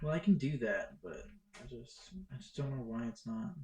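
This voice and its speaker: A man's voice: mid-range voice, lively intonation, normal speed, a little mellow, far from the mic. A man playing a tabletop game, chatting casually and chuckling. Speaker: player. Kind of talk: casual chat.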